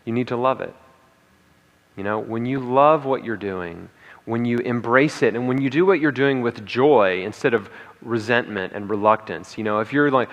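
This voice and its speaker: Speaking at medium pitch and normal speed, a conference speaker delivers a forceful motivational address, repeating his main points and asking "okay?" and "right?" along the way. The recording is muffled, and the hall is echoey.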